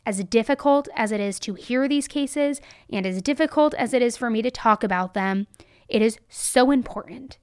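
A woman's voice: fairly high pitch, normal speed, clear, resonant tone, no echo. A woman hosting a true crime show, giving blunt and emphatic commentary into a close mic.

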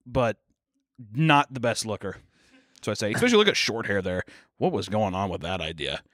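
A young man co-hosting a podcast in casual chat, riffing and joking with lively swings into put-on quoted voices. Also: on the low side, dry recording, clean studio sound. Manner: animated, swearing, quick jokey riffs with put-on quotes. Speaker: podcast co-host.

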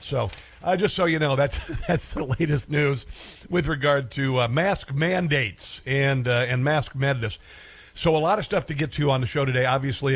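A man hosting a talk radio podcast, delivering a sarcastic, rambling monologue with chuckling asides. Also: medium pitch. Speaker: podcast host.

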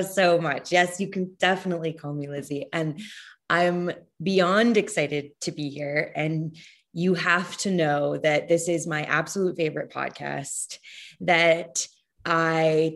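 A fairly low-voiced woman chatting as a podcast guest. She speaks earnestly and gushes, trips over her words, and laughs often. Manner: gushing, earnest, laughs often, halting restarts. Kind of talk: casual interview chat.

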